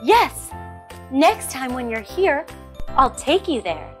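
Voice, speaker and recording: A woman voicing a calm young woman answering in a scripted textbook dialogue, with plain, steady replies. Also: high voice, slow pace, soft background music, heavily acted.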